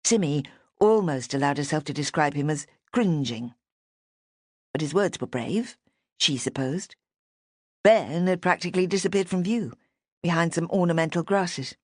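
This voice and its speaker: Low-voiced woman narrating an audiobook. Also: no echo, clean studio sound. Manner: measured, even storytelling. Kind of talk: scripted narration of a mystery novel. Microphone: close studio microphone.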